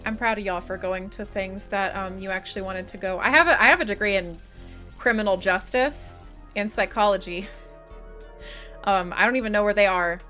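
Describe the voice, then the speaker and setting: A woman's voice: mid-range voice, normal speed, sharp tone, faint music behind. A young woman streamer chatting casually with her live chat, swearing and laughing often, her voice starting to give out. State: losing her voice.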